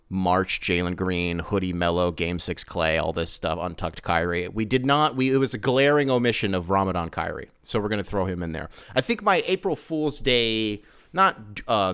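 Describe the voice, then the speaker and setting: A man's voice: lowish voice, fairly bright tone, clear, resonant tone, dry recording, studio quality. A man hosting his own podcast alone, talking in a chatty, digressive, self-mocking way. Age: adult. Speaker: podcast host. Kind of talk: casual solo podcast monologue.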